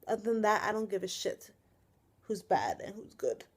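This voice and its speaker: A young woman vents to her camera in an exasperated, swearing rant. She sighs often and her pitch sits mid-range. It sounds like a casual home vlog on a built-in camera mic. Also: very animated, moderate pace, husky. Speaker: vlogger reviewing a TV episode. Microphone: webcam or built-in camera mic.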